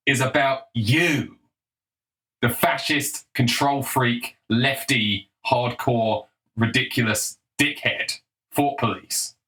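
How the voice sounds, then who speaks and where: A man's voice: mid-range voice, a bit bright, low-quality recording. A man delivering a heated, scornful solo commentary and stressing his points hard. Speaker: political commentator.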